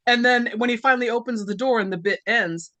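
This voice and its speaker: A woman's voice: a little high, fast, dry recording. A woman hosting a podcast, recapping a movie in casual chat and laughing often. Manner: laughs often, animated storytelling. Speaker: podcast host.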